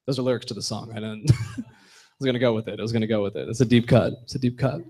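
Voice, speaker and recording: A young man doing a stand-up comedy set on a bar stage, with punchy deadpan delivery that drops low for asides. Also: racing, breathy edge.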